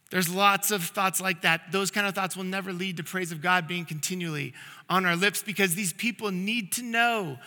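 Bright-voiced pastor in a reverberant church. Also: male voice, sits high. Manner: earnest storytelling with frequent restarts. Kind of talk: conversational sermon. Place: church sanctuary. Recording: long reverb of a church hall.

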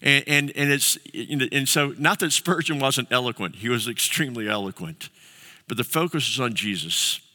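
A male pastor preaching a sermon in a conversational, halting way, with many fillers and restarts. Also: medium pitch, lively intonation, bright, forceful tone. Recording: long hall reverb.

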